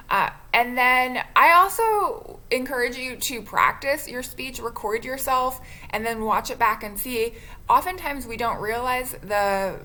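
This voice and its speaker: A woman speech instructor giving a recorded lecture on delivery, talking in a conversational, expressive way with a few restarts. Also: fairly high pitch.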